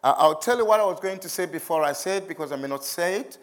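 A man's voice: high voice, fast. A man preaching a sermon as a visiting speaker, chatty and self-deprecating, reading scripture aloud to a church congregation.

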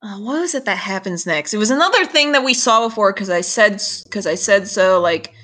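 Young woman, casual podcast co-host, animated, laughing, swears freely. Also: medium pitch, brisk. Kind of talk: casual anime recap chat.

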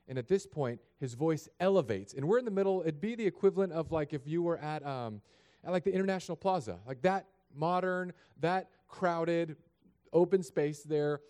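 A middle-aged male pastor telling a story in a sermon, shifting between hushed and raised passages. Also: a little high.

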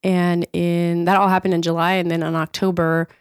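A woman who owns a business, a guest on a radio show, speaking hoarsely with a cold, open and steady with fillers. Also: lowish voice, normal speed, no room sound, clean studio sound. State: sick, hoarse. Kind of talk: casual radio interview. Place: radio studio.

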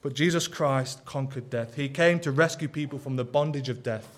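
A man's voice: medium pitch, moderate pace. A man preaching a sermon in an earnest, emphatic way. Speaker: pastor.

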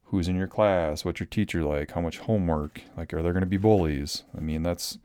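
A man's voice: low voice, fairly quick, mellow, no echo, clean studio sound. A man in his thirties from Minnesota hosting a solo podcast, talking casually and rambling with lots of ums and restarts. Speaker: podcast host.

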